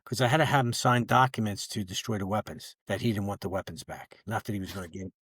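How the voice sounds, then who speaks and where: A man's voice: lowish voice, quick pace, fairly bright tone, husky, no room sound, clean studio sound. An older man, a retired federal agent, telling a long story in casual podcast talk and acting out both sides of old conversations. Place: podcast recording setup.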